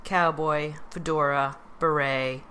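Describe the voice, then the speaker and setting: Woman, middle-aged, casual podcast banter, playful and giggly, bright tone. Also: sits low, fairly even intonation, slow, a little hiss or hum. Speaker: podcast co-host.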